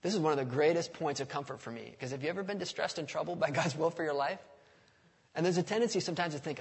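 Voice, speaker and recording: Racing along in an animated, husky, creaky voice on the high side, a pastor preaches to his congregation. He keeps it conversational and often puts questions to the audience, with a large hall's long reverb in the recording.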